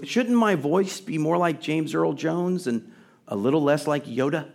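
Conversational male preacher, slightly high voice. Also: a little slow, gravelly, a little mellow. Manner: conversational preaching, acts out quoted voices, rising emphasis. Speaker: pastor. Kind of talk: sermon.

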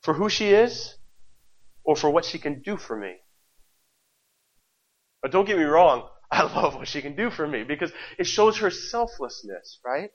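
A man's voice: fairly high pitch, sing-song, moderate pace. Impassioned male preacher, lo-fi sound. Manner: impassioned, repetitive preaching with rhetorical questions. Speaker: pastor. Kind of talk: sermon. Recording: dull lo-fi recording.

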